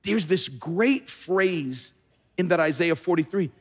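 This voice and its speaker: A man's voice: a little high, animated, slow, breathy edge. A man preaching a sermon as pastor in a large church, emphatic and often repeating words as he starts sentences. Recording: long reverb of a large hall.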